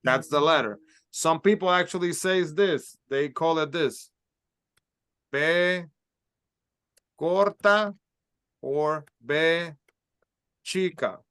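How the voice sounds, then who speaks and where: Slow, high-voiced man teaching Spanish. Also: a bit bright, smooth. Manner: slow, carefully sounds out letters and words for repetition. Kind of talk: classroom language lesson.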